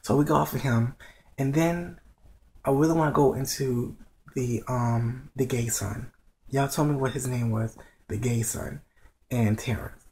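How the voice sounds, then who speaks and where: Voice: mid-range voice, measured pace, dark tone, a little hiss or hum, rough recording. A vlogger whispering at home late at night, giving a blunt, profane review of a TV episode. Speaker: show reviewer.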